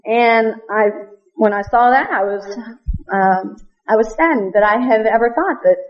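Woman, fairly high voice, earnest missionary testimony with frequent laughs, muffled lo-fi recording. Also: measured pace. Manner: earnest, laughs often, quotes scripture in King James wording. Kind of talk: church testimony. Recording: dull lo-fi recording.

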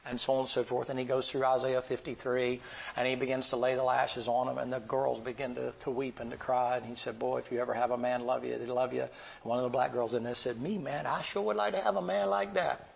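A man preaching, telling a long story in a folksy, drawn-out way. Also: medium pitch, monotone, vocal fry, darkish tone, a little hiss or hum, rough recording. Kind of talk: sermon storytelling.

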